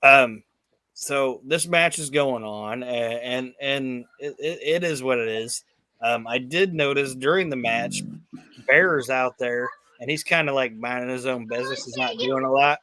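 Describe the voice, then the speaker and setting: A man's voice: medium pitch, unhurried, sharp tone, dry recording. A man hosting a casual chat, retelling events loosely with lots of swearing and fillers. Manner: loose, profane storytelling with fillers. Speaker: podcast host.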